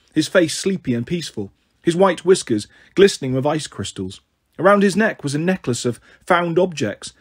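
With a husky edge and a pitch sitting a bit high, this male narrator reads an audiobook. He keeps an unhurried, even pace as he carries the story along.

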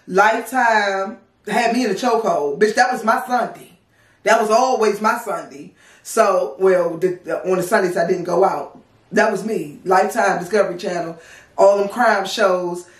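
Blunt, profane woman telling a story in a roomy space. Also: medium pitch. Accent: DC area. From Washington DC area. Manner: animated, profane and blunt, acts out dialogue. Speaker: vlogger. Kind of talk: casual storytime. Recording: roomy, mic at a distance.

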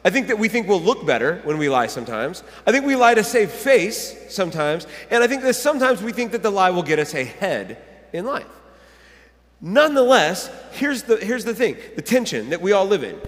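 A man in his thirties preaching a sermon, telling stories with lively laughs and stumbling restarts. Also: sits high, fairly quick, in a large hall. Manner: animated storytelling with laughs and self-corrections. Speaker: pastor. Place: church sanctuary.

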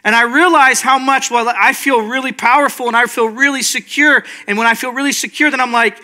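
A man's voice: extremely high pitch, steady tone, brisk, hardly any pauses, bright, forceful tone. A male pastor giving a casual, earnest sermon, often checking in with his listeners. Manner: informal, earnest, checks in with "right?". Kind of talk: conversational sermon.

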